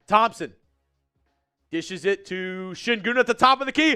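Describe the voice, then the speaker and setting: A man from Texas hosting a live stream, chatting casually with viewers and calling the game play by play, shouting on big plays. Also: high voice, expressive, unhurried, long pauses, clean tone, soft background music. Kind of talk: casual live-stream watch-along commentary. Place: studio at company headquarters.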